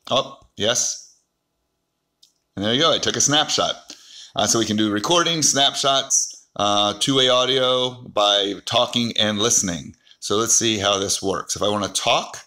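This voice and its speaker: A man's voice: on the low side, unhurried, bright, forceful tone. A man hosting a casual product demo, easygoing and thinking aloud as he goes. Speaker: product reviewer.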